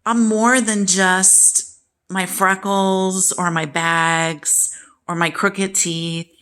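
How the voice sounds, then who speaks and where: Speaking extremely slowly in a flat, fairly bright, medium-pitched voice, a woman in her sixties tells her viewers personal stories about family and self-worth. The vlogger is candid and emphatic, acting out the relatives she quotes.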